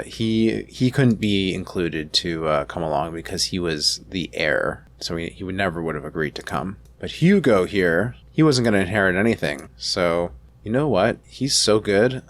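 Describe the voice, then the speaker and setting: A man's voice: low voice, fairly bright tone. A man hosting a let's play, talking casually through his strategy game and correcting himself as he goes. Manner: rambling, self-correcting, thinks aloud.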